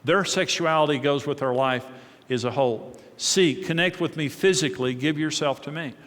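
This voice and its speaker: A man's voice: fairly high pitch, normal speed, fairly bright tone. A middle-aged man giving a conversational marriage talk to an audience, often repeating words and telling anecdotes. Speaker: marriage teacher. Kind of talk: teaching talk to a live audience. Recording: long reverb of a large hall.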